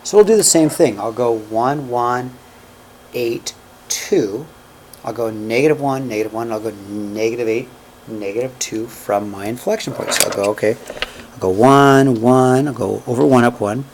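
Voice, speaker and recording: Guy teaching math in a classroom, counts steps out loud, keeps asking okay? right?. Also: medium pitch, moderate pace, noisy background. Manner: repeats points and checks in with "okay?" and "right?"; counts out steps aloud while working. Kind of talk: classroom lecture.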